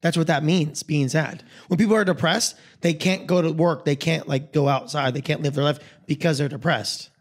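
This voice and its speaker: A man's voice: fairly high pitch, normal speed, hardly any pauses. A man co-hosting a podcast, arguing in casual chat and often laughing. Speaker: podcast co-host.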